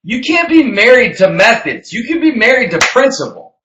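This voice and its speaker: A man's voice: extremely high pitch, very animated, normal speed, reverberant, lo-fi sound, background noise. A man co-hosting a business talk show, emphatic and preachy, repeating phrases for effect. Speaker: podcast co-host.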